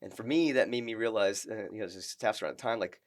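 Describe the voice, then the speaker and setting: A middle-aged man, a retired Marine, telling stories as a podcast guest in a halting, earnest way with many restarts. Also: fairly low pitch. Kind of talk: casual interview storytelling.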